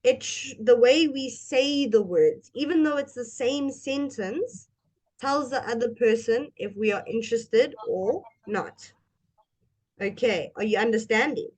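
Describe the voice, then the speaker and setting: A woman's voice: a little high, a little mellow. A woman teaching English one-on-one, speaking patiently and modeling intonation for her student. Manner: slow, patient, demonstrates intonation. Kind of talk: one-on-one language lesson.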